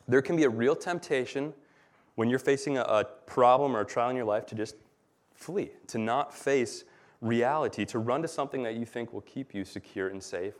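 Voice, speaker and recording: Earnest male pastor, mid-range voice, teaching a sermon with light humor. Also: mid-range voice. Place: church.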